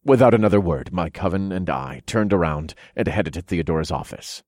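Deep male narrator, steady storytelling, dry studio read. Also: a little fast, no echo. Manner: low steady storytelling, voices characters. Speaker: audiobook narrator. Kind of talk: first-person fiction narration.

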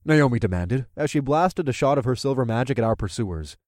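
A man reading a first-person action audiobook, his pitch rising and falling with animated expression. The voice sits at a middle pitch, and the recording is dry and close with no room sound. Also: a little fast, no echo. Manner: lively, expressive storytelling. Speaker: audiobook narrator.

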